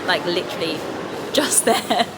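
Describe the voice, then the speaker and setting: A woman's voice: fairly low pitch, expressive, measured pace. A woman, vlogging candidly and chattily about her day as a new mum. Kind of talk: casual vlog chat. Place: car, then hospital hallways. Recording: noisy background.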